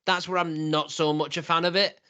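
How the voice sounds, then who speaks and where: Young man, higher and bright in tone, animated casual podcast co-host who laughs a lot. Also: brisk, smooth. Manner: animated, laughs often, acts out quotes. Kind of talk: casual review chat.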